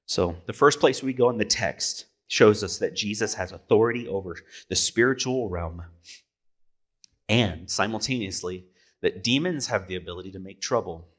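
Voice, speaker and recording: A pastor preaches from the pulpit in a relaxed, conversational manner. His slightly rough voice sits a little low and moves at a moderate pace. He often poses rhetorical questions and corrects himself mid-sentence.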